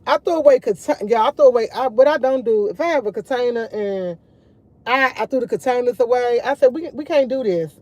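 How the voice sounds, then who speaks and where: A woman's voice: on the high side, fairly quick, darkish tone, no room sound. A woman chatting casually to her viewers over morning coffee, rambling and repeating herself as she tells stories. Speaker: vlogger.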